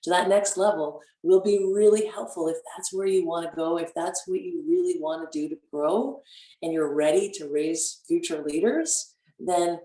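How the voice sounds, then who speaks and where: A woman guest on a radio talk show, speaking casually and playfully, acting out inner voices with big jumps in pitch. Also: moderate pace, warm tone. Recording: echoey, distant from the mic.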